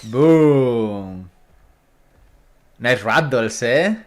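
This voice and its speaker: A man with streaming live commentary as he tests his own game, talking to enemies and swinging from loud to muttered. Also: medium pitch, lively intonation, a little slow.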